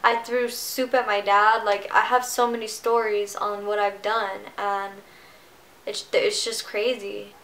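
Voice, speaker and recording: A woman in her twenties talking to camera about something personal, halting and emotional, with many restarts. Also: medium pitch, bright, forceful tone, rough recording. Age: 20s. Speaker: vlogger. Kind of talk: personal vlog confession.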